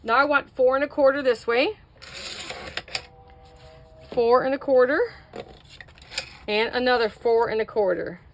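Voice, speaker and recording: Middle-aged woman, fairly high voice, casual craft tutorial host, chatty and self-mocking. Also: measured pace, pauses often, dull audio, slight background noise. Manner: chatty, self-mocking, talks to viewers while working.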